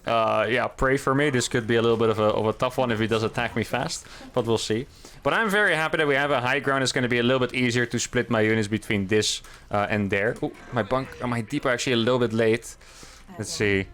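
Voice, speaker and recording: A man's voice: medium pitch, fast talker, fairly bright tone. Chatty man commentating his own game. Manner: thinks aloud while playing, chatty and upbeat. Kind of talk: casual live game commentary.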